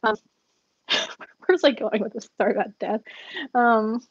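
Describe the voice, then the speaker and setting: A woman's voice: fairly high pitch, a little slow, breathy edge, dry recording. A woman vlogger telling rambling stories in a casual chat, laughing often between fillers. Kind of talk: casual storytelling while journaling. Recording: dull dry lo-fi recording.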